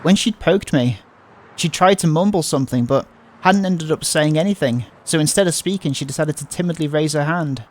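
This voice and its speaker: A man's voice: fairly high pitch, normal speed, slight background noise. Anxious man reading a visual novel. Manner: anxious, panicky narration with stumbles. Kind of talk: dramatic read-aloud of a game.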